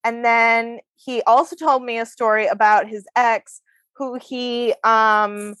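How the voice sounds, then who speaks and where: Woman, podcast co-host, casual storytelling, fairly high voice, dry close sound. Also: fairly even intonation, slow pace, fairly bright tone, no room sound. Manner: chatty storytelling, swears freely, laughs often. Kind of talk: casual chat.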